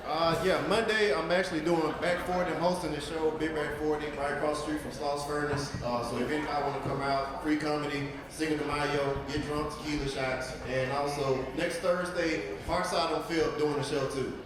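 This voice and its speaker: A man's voice: on the high side, steady tone, brisk, few pauses. A male comedian casually plugging his upcoming shows. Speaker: stand-up comedian. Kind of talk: casual banter. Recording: distant echoey club mic with crowd.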